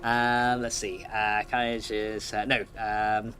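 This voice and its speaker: A man's voice: fairly low pitch, little pitch movement, slow pace, a bit bright, soft background music. A man streaming a video game, chatting casually with viewers, reading their messages aloud with many restarts and fillers, and laughing often. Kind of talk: casual livestream chat. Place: home room.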